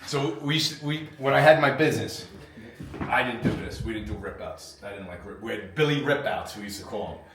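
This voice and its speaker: A man's voice: fairly low pitch, brisk. Blunt, plain-spoken contractor man; echoey indoor site, faint noise. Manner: blunt, swears freely, lively storyteller. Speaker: renovation contractor. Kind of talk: casual on-site chat. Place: old house under renovation, indoors.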